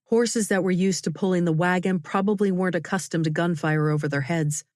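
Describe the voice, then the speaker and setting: A woman narrating a novel in a measured, expressive reading. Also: on the low side, dry recording. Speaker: audiobook narrator. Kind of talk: scripted narration. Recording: dry, close studio sound.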